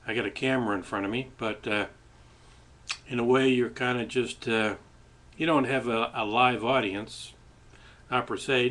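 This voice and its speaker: A man's voice: mid-range voice, a bit bright. A man hosting his own webcam show, musing in a casual, rambling way while eating, with many restarts. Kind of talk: casual reflective webcam monologue. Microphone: webcam microphone.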